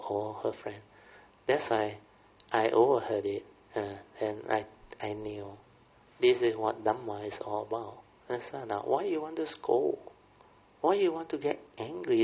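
Gravelly Malaysian-English man giving a Dhamma talk. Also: mid-range voice. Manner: folksy, often checks in with "understand?". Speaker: Buddhist teacher. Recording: dull lo-fi recording.

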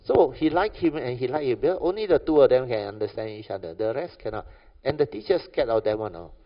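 A man's voice: mid-range voice, animated, fast talker. A man with a Malaysian English accent giving an informal Buddhist talk, telling stories and often checking if listeners understand. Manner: conversational, keeps asking "understand or not?". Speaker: Buddhist dharma speaker. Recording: echoey hall, dull lo-fi sound.

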